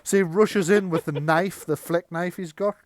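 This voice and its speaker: Male GM, relaxed chatty delivery, slightly higher voice, dry close sound. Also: no room sound. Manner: chatty, laughs often, slips into quick character voices. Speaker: game master. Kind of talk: narrating a tabletop game.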